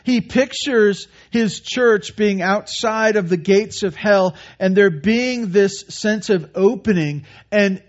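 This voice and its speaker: A pastor preaching a sermon, earnest and stumbling over repeated words, shifting between forceful emphasis and quiet reflection. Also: male voice, high voice. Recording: dull lo-fi sermon recording.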